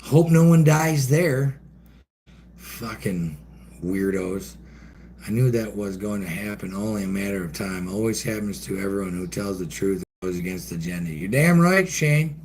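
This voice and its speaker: A man's voice: sits low, normal speed, a little hiss or hum. A man hosting a casual livestream, ranting in a profane, folksy way and reacting to chat from an outdoor shed with the door open. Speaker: livestream host reading chat.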